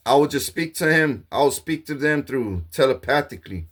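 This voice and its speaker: A man's voice: mid-range voice, lively intonation, a little slow, long pauses, a bit bright, breathy edge. A man delivering a rambling, profane monologue, grandiose and repetitive, with frequent restarts. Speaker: self-proclaimed king ranting to camera.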